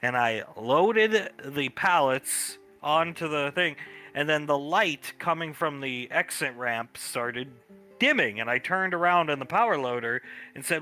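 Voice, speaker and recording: Bright-voiced man in role-play chat. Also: fairly high pitch, expressive, measured pace, soft background music. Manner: laughing storyteller, narrates his own actions. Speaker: tabletop role-play player.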